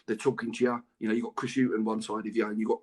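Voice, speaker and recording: A man's voice: lowish voice, little pitch movement, rapid-fire, darkish tone. A middle-aged English man, a former footballer, telling stories chattily and laughing through his anecdotes in a podcast interview. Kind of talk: casual storytelling interview.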